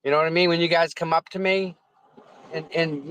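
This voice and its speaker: A man's voice: on the high side, steady tone, a little fast, a bit bright, low-quality recording. A man live-streaming casually from his car in traffic, rambling, repeating words and thanking viewers effusively. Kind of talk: casual live-stream chat while driving.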